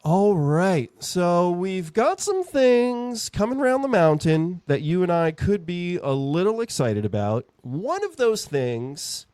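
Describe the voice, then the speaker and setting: A man's voice: high-pitched, sing-song, slow pace, few pauses, a little mellow, no echo, studio quality. A man hosting a podcast, chatting in a rambling, jokey way. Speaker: podcast host. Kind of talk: casual podcast chat.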